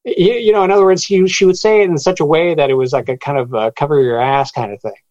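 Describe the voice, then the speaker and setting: A man recounts an odd encounter for an interviewer, stumbling over words and restarting often. His voice sits a little high. The sound is dull and lo-fi, with a dry close feel. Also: dry recording. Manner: halting, many restarts, animated retelling with quoted voices. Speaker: author guest. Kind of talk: storytelling interview.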